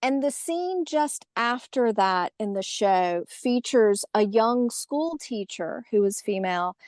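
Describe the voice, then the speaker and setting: A middle-aged woman with a Southern American accent, a podcast guest telling a personal story in casual conversation, lively and acting out the voices she quotes. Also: medium pitch, no echo. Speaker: podcast guest, haunted tour organizer.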